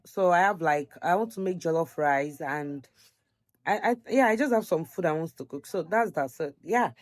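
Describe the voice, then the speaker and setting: A woman's voice: fairly low pitch, normal speed. A woman in her twenties with a Nigerian accent, chatting at home in a rambling, casual vlog style. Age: 20s. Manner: chatty and rambling, full of "like" and "so yeah". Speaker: vlogger.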